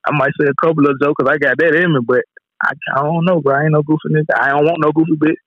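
Fast-talking, blunt male podcast guest. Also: on the high side, steady tone, no echo, narrow, tinny audio. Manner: blunt, teasing, fast slang. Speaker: podcast guest, rapper and filmmaker. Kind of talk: casual podcast chat.

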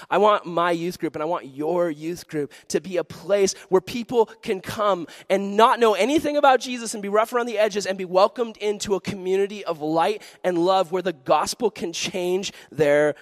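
A man preaching to young people in a high, light voice. He tells stories animatedly, jumping into acted-out voices and occasional shouts. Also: dry recording, studio quality. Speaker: youth pastor. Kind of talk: sermon.

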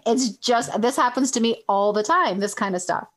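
A woman's voice: on the high side, normal speed. A middle-aged woman from Canada casually telling a long personal story, rambling and correcting herself as she goes. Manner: rambling, self-correcting, animated.

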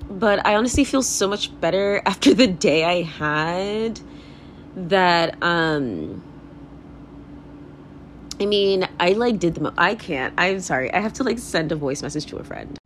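A woman's voice: fairly low pitch, expressive, a little slow, a little hiss or hum. A young woman hosting a casual solo podcast, talking candidly in a rambling way, full of fillers, swearing and laughter. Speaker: podcast host.

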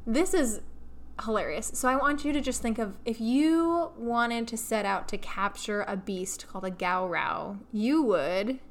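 A woman co-hosting a casual podcast, telling a story in an animated way and adding playful asides. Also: a little high, measured pace, slight background noise. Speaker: podcast co-host.

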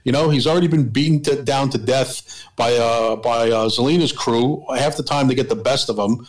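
A man's voice: medium pitch, a little fast, rough recording. A man co-hosting a wrestling podcast, rambling emphatically and challenging listeners to be honest. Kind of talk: casual opinionated podcast commentary.

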